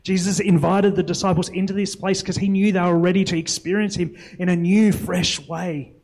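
A man's voice: high voice, little pitch movement, normal speed, darkish tone, poor audio. A young adult man preaching a sermon in an earnest, reflective way, often posing rhetorical questions to the congregation.

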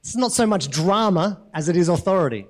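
A man preaching a sermon in a relaxed, conversational way who keeps checking in with his listeners by asking "right?". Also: sits high, fairly quick. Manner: conversational, asks the congregation questions, frequent tag "right?". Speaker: pastor.

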